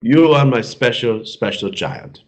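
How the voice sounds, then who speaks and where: A man voicing God in a joke, speaking slowly and grandly with fatherly tenderness. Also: a little mellow, natural voice. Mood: solemn. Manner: slow, deep and grandly tender. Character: slow solemn male God, fatherly.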